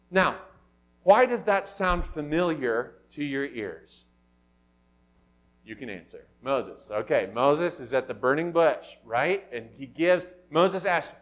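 A man preaching a sermon as pastor, moving between quiet reflection and loud, emphatic questions. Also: fairly high pitch, big pitch swings, slow pace.

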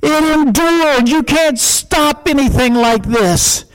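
High-voiced, slow-preaching male pastor. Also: low-quality recording. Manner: emphatic, repeats short declarative lines. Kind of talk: sermon.

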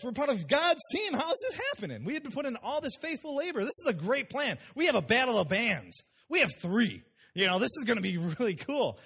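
A middle-aged male pastor preaching a sermon, telling stories with animated voices for the people in them. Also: sits high, vocal fry, slightly rough. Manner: animated, acts out quoted people. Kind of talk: sermon with storytelling.

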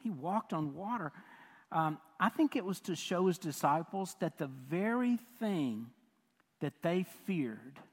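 A man's voice: fairly high pitch, animated, measured pace, breathy edge. A man preaching a sermon as a pastor, talking conversationally, asking the audience questions and repeating phrases. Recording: long hall reverb.

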